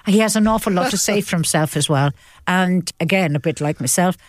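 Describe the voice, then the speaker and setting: An older woman tells stories as a guest in a chat interview. Her telling is lively and animated, full of repetitions and laughter. The sound is close and dry. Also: on the low side, brisk, dry recording. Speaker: actress and guest. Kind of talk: chatty interview storytelling.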